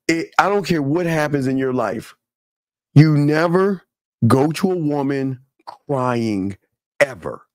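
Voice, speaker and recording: A man hosting a casual talk show, animated and preachy, often repeating himself. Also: a little high, slow pace, no room sound, clean studio sound. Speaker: podcast host.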